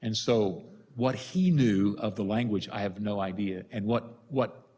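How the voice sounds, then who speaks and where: A man's voice: lowish voice, unhurried, a little mellow, slightly rough. An older man, a priest from the United States, giving a retreat talk with storytelling and self-deprecating humor. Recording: long reverb of a large hall.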